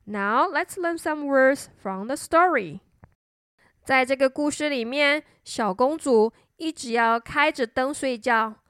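A woman narrating a children's story in a slow sing-song manner. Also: high voice, a bit bright, clear, resonant tone, dry recording, clean studio sound.

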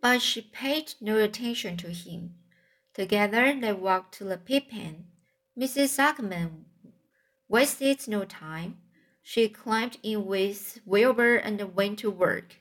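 A woman's voice: mid-range voice, slow pace. A woman narrating a children's audiobook in a careful reading style, sometimes repeating a phrase. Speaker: audiobook reader. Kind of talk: scripted narration.

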